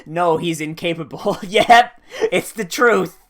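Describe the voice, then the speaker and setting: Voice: medium pitch, slow, fairly bright tone. An anime reaction vlogger giving casual commentary, full of swearing, laughter and sarcastic asides.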